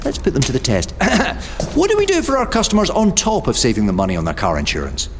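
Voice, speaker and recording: A man's voice: medium pitch, wildly swooping pitch, a little fast, a little hiss or hum. An actor playing a stern male instructor at a training academy, clipped and commanding. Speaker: actor in advert sketch. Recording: reverberant hall with loud ambience.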